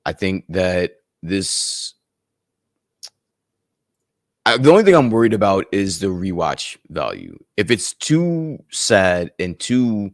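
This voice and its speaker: A man co-hosting a casual livestream chat, relaxed and thinking aloud with lots of fillers. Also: low voice, a little slow, hardly any pauses, dry recording, clean studio sound. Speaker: podcast co-host.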